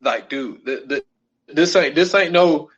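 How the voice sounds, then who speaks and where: A man chatting as a podcast co-host, his voice sitting a bit high. He talks loosely and circles back over his own phrases. The audio comes through dull and lo-fi. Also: measured pace, a bit bright, breathy edge. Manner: loose, repeats himself, keeps saying "man". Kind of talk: casual podcast chat.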